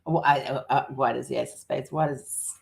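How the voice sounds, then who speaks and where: Hosting a livestream, this woman from New Zealand speaks in a rumbling low, gravelly voice, steady in tone and at a moderate pace. She rambles through casual chat in her New Zealand accent, laughing often.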